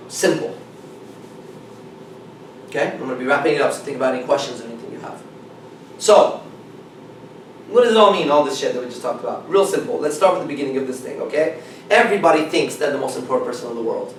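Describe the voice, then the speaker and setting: A man coaching a small group, talking bluntly and with heavy swearing. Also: a little high. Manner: blunt, profane, emphatic. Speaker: dating coach. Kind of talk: seminar talk to a small group. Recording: echoey room, mic far off, faint noise.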